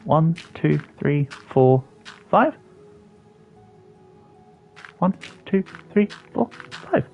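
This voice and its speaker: A man's voice: a little high, sing-song, very slow, gravelly, long pauses. A young man livestreaming a building game, chatting casually and answering viewers with self-deprecating jokes. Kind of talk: casual gaming livestream chat. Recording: slightly dull audio with faint background music.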